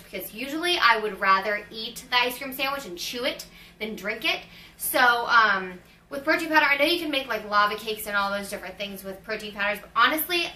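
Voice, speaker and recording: A woman's voice: mid-range voice, pushed and bright. A woman in her twenties chatting casually as she answers viewer questions in a vlog, with many fillers. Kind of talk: casual Q&A chat. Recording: roomy, slightly distant mic.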